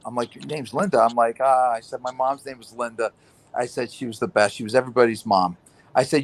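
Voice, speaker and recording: A man's voice: medium pitch, fast. A middle-aged man hosting a casual chat, telling an emotional personal story and swearing now and then. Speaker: host.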